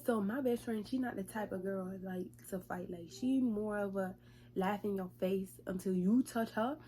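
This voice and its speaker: A young woman vlogger in casual storytime, retelling events in a profane, chatty, lively way. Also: mid-range voice, normal speed.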